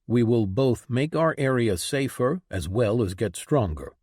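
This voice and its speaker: A man's voice: medium pitch, lively intonation, unhurried, a little mellow, breathy edge, no echo, studio quality. A man reading an audiobook, voicing a practical young man who reasons firmly. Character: level-headed young man, firm and practical.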